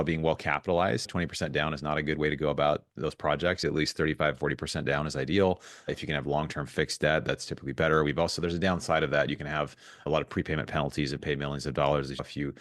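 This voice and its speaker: A man speaking as a guest in a podcast interview, telling stories in an animated way with frequent restarts. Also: extremely low pitch, dry recording, studio quality. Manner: fast, animated storytelling with restarts. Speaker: guest investor.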